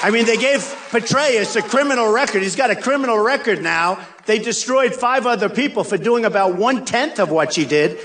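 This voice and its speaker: A man's voice: sits high, animated, fairly quick, few pauses, fairly bright tone. An older man giving a rally speech, boastful and repetitive, with mocking asides. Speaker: political candidate. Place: large arena. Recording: crowd in a big arena. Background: faint crowd and ambience.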